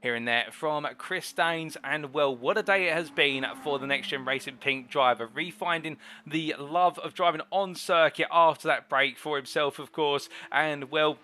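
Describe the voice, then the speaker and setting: A man's voice: a little high, moderate pace, few pauses, bright, forceful tone, slight background noise. A man hosting a live sim racing broadcast, interviewing drivers in formal, flowing commentary phrasing.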